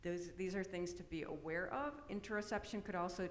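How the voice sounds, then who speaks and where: Middle-aged woman, low-ish voice, chatty presenter, roomy hall reverb. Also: brisk. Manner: conversational, frequent tag questions. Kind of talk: autism awareness talk. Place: church hall. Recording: echoey hall, long reverb.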